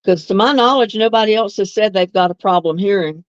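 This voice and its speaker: A woman's voice: medium pitch, fairly quick, dry recording, muffled recording. A woman hosts a casual live stream, chatting easily with viewers and laughing often. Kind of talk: casual live chat answering viewer comments.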